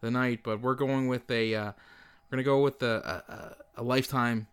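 Male co-host, bright and smooth voice, blunt deadpan comic delivery. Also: mid-range voice, moderate pace. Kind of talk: casual comedy banter.

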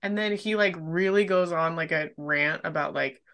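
A woman's voice: low-pitched, moderate pace, fairly bright tone. A woman co-hosting a book podcast in casual chat, blunt and swearing freely as she retells scenes. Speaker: podcast co-host.

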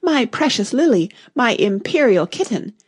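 A woman voicing an excitable, breathless chess queen in a storybook reading, crying out high and loud. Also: moderate pace, creaky, breathy edge, exaggerated voice. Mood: frantic. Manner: high, loud, flustered cries.

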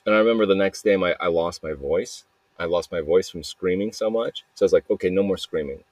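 Low, hoarse man rambling in a dry room. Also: a little fast, no room sound. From Arizona. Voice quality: slightly hoarse from yelling. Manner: rambling, restless, jokey, many restarts. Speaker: podcast host. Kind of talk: rambling solo voice memo.

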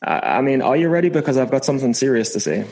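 A man's voice: mid-range voice, sing-song, fast talker, a little mellow, rough recording. A man co-hosting a casual podcast chat, playful and given to mock-dramatic confessions. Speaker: podcast co-host.

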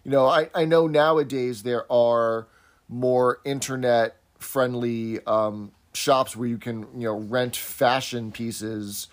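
A man's voice: medium pitch, steady tone, slow. A man co-hosting a podcast, chatting casually and recapping scenes. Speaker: podcast co-host. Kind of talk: casual chat.

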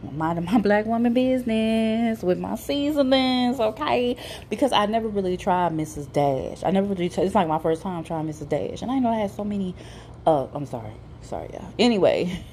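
A woman telling a casual storytime on her podcast, animated and slangy, laughing and incredulous as she goes. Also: low voice, slight background noise.

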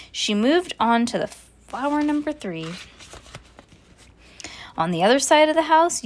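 Mom reading a kids book out loud, super animated, kinda high voice, keeps stopping to gush. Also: female voice. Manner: animated, affectionate, chatty asides. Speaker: mother reading to her daughter. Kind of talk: reading a children's book aloud.

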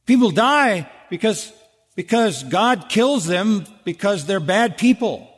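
A pastor gives an expository sermon in an echoing hall with long reverb, his high male voice full of lively intonation. He takes his time, speaking emphatically and putting rhetorical questions straight to the congregation.

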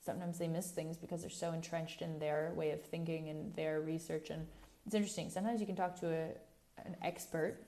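A woman's voice: low voice, fairly even intonation, fairly quick, warm tone. A woman hosting a podcast, talking in a candid, rambling way with frequent self-corrections and asides, a little preachy. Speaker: podcast host. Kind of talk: casual podcast monologue.

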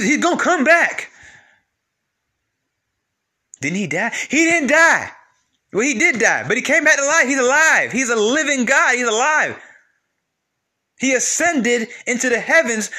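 A man preaching about the Bible in a casual, animated way, talking straight to his listeners and repeating lines for emphasis. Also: very high-pitched, moderate pace.

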